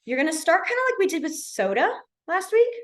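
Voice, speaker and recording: A woman's voice: very high voice, sing-song, fairly quick. A young woman casually teaching a beginner sign language class online, chatty with many fillers. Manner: chatty, lots of fillers, demonstrative.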